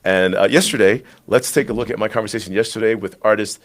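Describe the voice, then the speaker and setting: A man's voice: on the low side, fairly even intonation, fast talker. Upbeat male live show host. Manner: upbeat host patter with frequent fillers.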